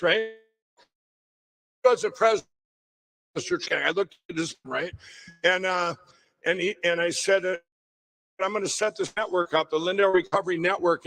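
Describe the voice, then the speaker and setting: A middle-aged man with a fairly high voice tells a personal story to a crowd. He rambles, breaks off and restarts his sentences, and keeps circling back to the point. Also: a bit bright, poor audio. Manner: rambling, self-interrupting storyteller. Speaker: guest speaker at a summit. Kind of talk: storytelling talk on stage.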